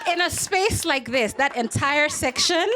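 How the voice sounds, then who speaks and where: A woman's voice: sits high, expressive, measured pace, background noise. A woman from Kenya doing a playful stand-up comedy set with crowd work on a comedy club stage.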